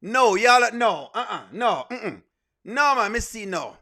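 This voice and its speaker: A man's voice: high-pitched, animated, measured pace, bright, forceful tone. A man with a Jamaican accent hosting a live reaction stream, playfully pleading with his viewers and laughing often. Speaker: streamer and show host.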